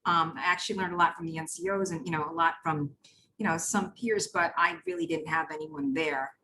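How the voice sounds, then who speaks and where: A woman's voice: deep voice, steady tone, brisk, sharp tone, slight background noise, low-quality recording. A woman panelist and Army veteran giving reflective advice, with many fillers. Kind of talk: panel discussion.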